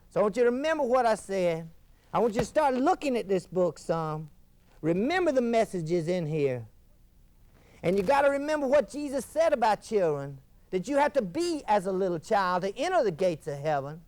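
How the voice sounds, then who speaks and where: An actor playing a fiery male TV preacher, delivering a folksy fire-and-brimstone sermon with wild swings in pitch. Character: fiery male TV preacher thundering about damnation. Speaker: televangelist. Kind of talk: scripted mock TV sermon.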